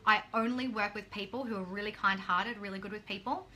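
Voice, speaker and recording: A woman's voice: medium pitch, fairly even intonation, fairly quick, sharp tone. A woman business coach giving a blunt, casual motivational talk, swearing freely and acting out what people say.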